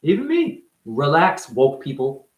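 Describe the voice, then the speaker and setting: Profane ranting man, lively swooping pitch. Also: unhurried, lo-fi sound. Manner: profane, confrontational, preachy; rhetorical questions fired at the listener. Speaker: self-styled spiritual teacher. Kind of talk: ranting monologue to camera. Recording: roomy echo.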